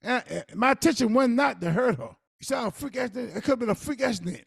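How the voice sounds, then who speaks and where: Very high-voiced and fast-talking, this middle-aged co-host sounds creaky with a breathy edge. On the podcast he dispenses casual advice by emphatically acting out his own life stories in dialect. The clean studio sound has no room echo.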